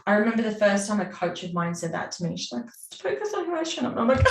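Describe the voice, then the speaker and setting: A woman chatting as an interview guest, animated and acting out her own inner voice. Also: mid-range voice, quick pace, vocal fry, a little hiss or hum. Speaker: guest, business mentor. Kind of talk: casual interview chat. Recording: roomy sound from a distance off the mic.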